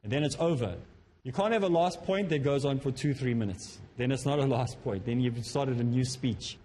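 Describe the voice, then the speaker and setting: A man from Africa, lecturing students on public speaking in a lively way that acts out the speakers he quotes. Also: mid-range voice, moderate pace. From South Africa.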